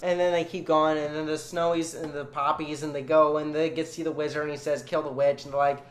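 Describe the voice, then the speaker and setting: A man's voice: a little high, level tone, fairly quick, few pauses. Tipsy young man, sarcastic, profane, rambling, echoey room. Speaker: storyteller. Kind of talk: drunken comedic retelling.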